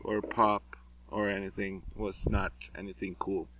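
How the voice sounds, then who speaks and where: A man's voice: sits low, level tone, a little slow, a bit bright, rough recording. A middle-aged man, a podcast guest, telling stories in a rambling, hesitant way with many fillers. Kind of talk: casual chat.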